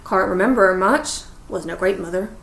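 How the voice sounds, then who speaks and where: A woman voicing a huge gruff half-giant groundskeeper with rough country speech. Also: mid-range voice, a little fast, a bit bright, reverberant. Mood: curt.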